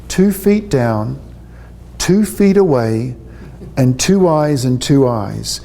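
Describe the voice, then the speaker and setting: A man's voice: fairly high pitch, dark tone. A man giving a public talk to parents as a parenting consultant, chatty and joking, often checking in with his audience.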